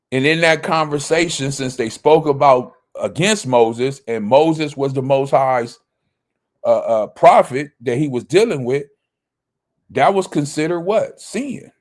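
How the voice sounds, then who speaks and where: Slow, deliberate male Bible teacher. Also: medium pitch. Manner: asks rhetorical questions and answers them himself; reads verses aloud, then explains them.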